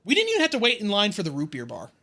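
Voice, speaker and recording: Rambling, bright-voiced young man. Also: high-pitched, rapid-fire. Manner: rambling, animated, profane, many fillers. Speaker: podcast co-host. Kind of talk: casual chat.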